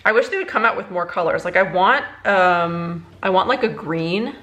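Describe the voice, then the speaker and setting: A young woman, a beauty vlogger, chatting casually through a makeup tutorial, rambling and halting, emotionally worn out. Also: lowish voice, expressive, a bit bright. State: emotionally exhausted.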